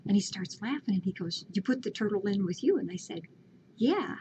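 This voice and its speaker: A woman's voice: mid-range voice, fast talker, mellow, a little hiss or hum. A woman animatedly retelling a story in casual chat, laughing often. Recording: lo-fi home video with faint ambience.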